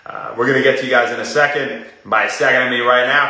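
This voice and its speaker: A man's voice: medium pitch, pushed and bright. Upbeat man. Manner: upbeat, greets viewers by name, talks fast. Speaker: wellness livestream host. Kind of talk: casual livestream chat. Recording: echoey room.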